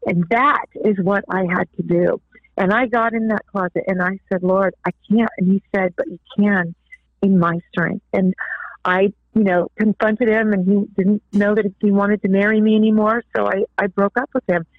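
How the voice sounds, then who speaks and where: A woman's voice: mid-range voice, fairly even intonation, normal speed, no room sound. A woman giving an earnest personal faith testimony as a guest author, heard over a phone line. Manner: earnest, tearful at times.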